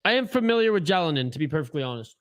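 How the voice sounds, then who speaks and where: A man's voice: a little high, big pitch swings, very fast, highs cut off. A man hosting a live hockey watch-along stream, giving casual play-by-play and joking and swearing while reading chat aloud. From Canada.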